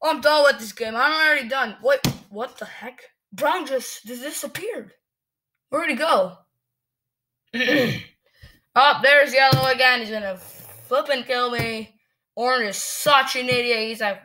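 A woman gamer giving angry, cursing commentary while she plays, ranting and shouting at other players. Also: high-pitched, a little slow.

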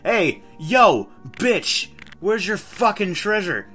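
A man's voice: high-pitched, sing-song, slow pace, sharp tone, faint music behind. A man playing a kids' game and mocking it with crude, sarcastic commentary. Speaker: let's play gamer. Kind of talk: profane comedic game commentary.

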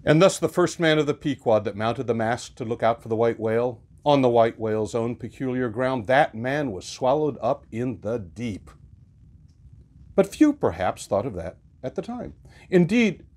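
A man reading a classic novel aloud with an expressive, varied delivery. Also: medium pitch, normal speed. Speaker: reader.

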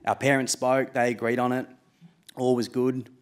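A man's voice: mid-range voice, little pitch movement, moderate pace. A man in his late twenties with an Australian accent, telling a true story live on stage in a casual, self-mocking way, with swearing and laughs.

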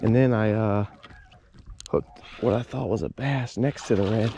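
A man's voice: lowish voice, a little slow, vocal fry, pauses often, background noise. A man, talking casually to the camera while fishing from a small boat on a marsh. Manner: laid-back, chatty, talks to the camera and to the fish. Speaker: fishing vlogger. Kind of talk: casual outdoor vlog commentary.

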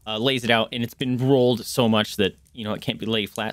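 A man's voice: lowish voice, fairly even intonation, brisk, fairly bright tone, dry recording. A man narrating a tabletop game as game master, hesitant and filling with "uh" and "um". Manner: hesitant, full of fillers.

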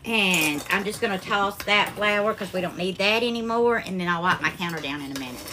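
A woman's voice: mid-range voice, a little fast, pushed and bright, a little hiss or hum. A woman with a Southern accent hosting a live cooking stream from her home kitchen, chatting affectionately with viewers and calling them darling. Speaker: cooking livestream host.

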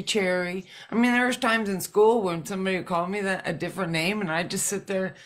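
A woman's voice: medium pitch, fairly quick, few pauses, fairly bright tone. A woman from Omaha, Nebraska, performing stand-up online and telling wry, self-deprecating stories. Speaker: stand-up comic. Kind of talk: stand-up comedy set. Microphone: video call.

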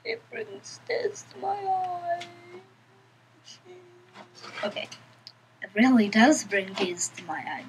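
A woman's voice: high-pitched, wildly swooping pitch, slow pace, pauses often, a little hiss or hum, low-quality recording. A woman giving casual let's-play commentary, chatting to herself in a playful, giggly way. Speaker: gameplay commentator.

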